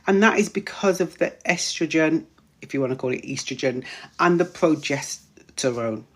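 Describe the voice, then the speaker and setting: A woman host, a menopause wellness practitioner, chatting casually on a live stream, greeting viewers by name, repeating herself, her voice starting to go hoarse. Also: sits low, animated, normal speed. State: voice going hoarse.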